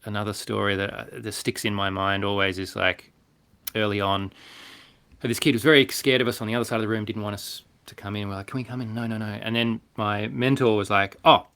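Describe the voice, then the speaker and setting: An Australian man with a low, gravelly voice, chatting casually as a podcast guest. He tells stories with animated energy, popping into the voices of the people in them. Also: brisk. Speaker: podcast guest, clown doctor and performer. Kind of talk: casual conversational storytelling.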